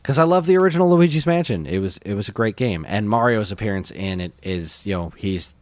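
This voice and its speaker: A man's voice: lowish voice, expressive, fairly quick, no room sound. Enthusiastic man co-hosting a podcast, dry sound. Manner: enthusiastic, rambling, laughs often. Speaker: podcast co-host. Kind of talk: casual chat.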